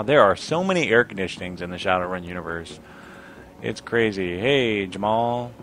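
A man's voice: sits low, brisk, fairly bright tone, slight background noise. A young man giving casual let's-play commentary, sarcastically reading game dialogue aloud in a lightly raised voice. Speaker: gaming video host.

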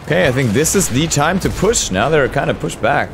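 Here the gaming streamer has a fairly high, animated voice with vocal fry, talking fairly quickly. He narrates his war-shooter gameplay, swears a lot, and chats with viewers as he plays. The background is noisy, filled with gunfire, explosions, and artillery from the game.

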